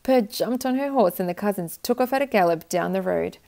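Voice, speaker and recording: Gravelly woman reading a children's book. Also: mid-range voice, lively intonation, fairly quick, warm tone. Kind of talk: storybook read-aloud.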